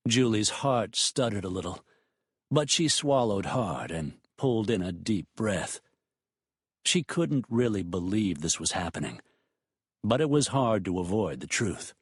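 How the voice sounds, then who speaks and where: A man narrating a romance audiobook in a measured, expressive storytelling manner. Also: lowish voice, slightly rough, dry recording, studio quality.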